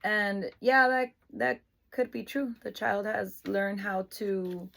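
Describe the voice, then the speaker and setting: A woman's voice: mid-range voice, slow pace, vocal fry. A middle-aged woman, a mother, explaining her parenting routine in an earnest, emotional, casual vlog way. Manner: emotional, earnest, lapses into excited praise voice. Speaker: mother of an autistic son.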